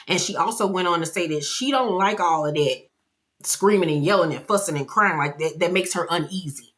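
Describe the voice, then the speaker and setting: A woman giving a casual, animated, gossipy episode recap. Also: on the low side, fairly quick. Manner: animated, gossipy storytelling, acts out quotes. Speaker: vlogger.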